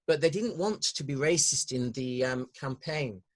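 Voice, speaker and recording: A man with a northern English accent hosting an interview podcast, talking in a hesitant way with many pauses and restarts. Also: medium pitch. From northern England. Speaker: podcast host. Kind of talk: conversational interview.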